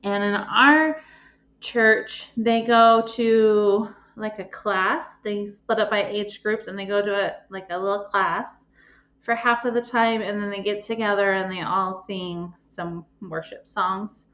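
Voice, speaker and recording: Woman podcast host, slow and emotional, lots of ums, kinda dull lo-fi sound. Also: medium pitch, steady tone, a bit bright. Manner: emotional, pausing, many ums. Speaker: podcast host and life coach. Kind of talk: personal podcast storytelling.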